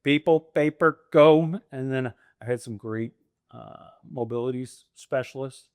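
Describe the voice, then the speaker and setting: A man's voice: medium pitch, measured pace, a little mellow, clean tone, dry recording. A man in his fifties from the United States, a guest telling his career story in a casual interview, acting out voices and laughing often. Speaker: franchise owner guest.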